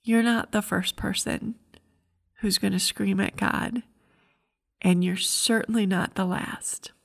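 A woman's voice: medium pitch, fairly even intonation, slow, vocal fry. A middle-aged woman giving a heartfelt, earnest devotional message as a Christian speaker.

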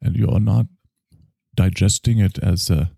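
A man voicing a solemn male doctor with a clumsy German accent, halting and full of fillers. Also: low-pitched, steady tone, creaky, mellow, slightly rough, dry recording, clean studio sound, exaggerated voice.

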